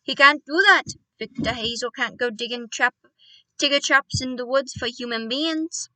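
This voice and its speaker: A woman voicing an excitable elderly country doctor who bursts into loud, indignant outbursts. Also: on the high side, moderate pace, no room sound. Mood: outraged.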